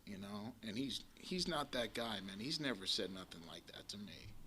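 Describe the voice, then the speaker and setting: Recorded live before an audience in a community center meeting room, a man in his forties gives a personal recovery share that's blunt, rambling, and heavy on swearing. He sounds low-pitched, expressive, and sharp, at a moderate pace, over a little hiss or hum.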